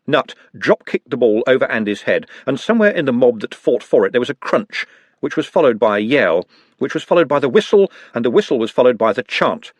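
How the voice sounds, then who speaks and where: A man's voice: medium pitch, brisk, dry recording. A man reading a comic novel aloud as scripted narration, telling it expressively. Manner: lively, expressive storytelling. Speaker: audiobook reader.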